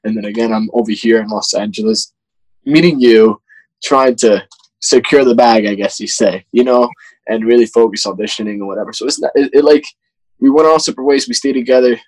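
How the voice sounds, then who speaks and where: A young man in his twenties, a guest actor in a casual interview, talking earnestly with halting restarts. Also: medium pitch, a little mellow, no echo, low-quality recording. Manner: earnest, halting, many restarts and "you know".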